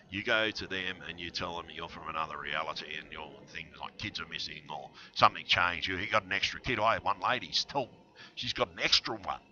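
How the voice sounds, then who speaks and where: A vlogger rambles to his viewers in a conspiratorial monologue, full of fillers and restarts. His low-pitched voice sounds pushed and bright. The audio comes through a headset mic and is dull and lo-fi.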